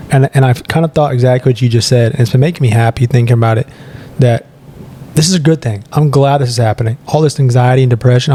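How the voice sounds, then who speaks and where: A man's voice: medium pitch, dark tone, a little hiss or hum. A young man co-hosting a podcast in casual chat, rambling and earnest, laughing between thoughts. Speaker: podcast co-host.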